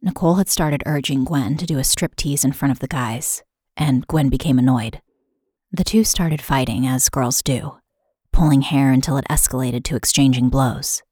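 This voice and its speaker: A woman podcast host reading a scripted true crime narration in a steady, matter-of-fact way. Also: rumbling low, moderate pace, husky, dry recording, clean studio sound.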